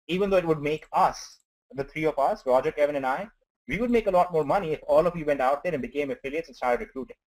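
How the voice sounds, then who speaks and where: A man's voice: fairly high pitch, quick pace, a little mellow, low-quality recording. A man with an Indian accent, a company co-founder, presenting on an online webinar in an earnest way, often starting with okay. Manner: repetitive, earnest, says okay a lot.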